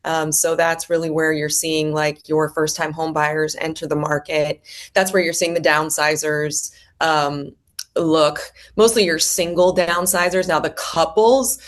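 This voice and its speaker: A woman's voice: sits low, fairly even intonation, a little slow. A woman, a realtor guest on an interview show, explaining the market in detail with examples. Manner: knowledgeable, explains with examples and lists of questions. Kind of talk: casual interview chat.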